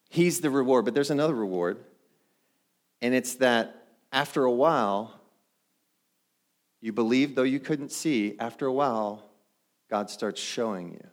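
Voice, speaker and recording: Man, middle-aged pastor, sermon, conversational, asks the room questions, mid-pitched voice.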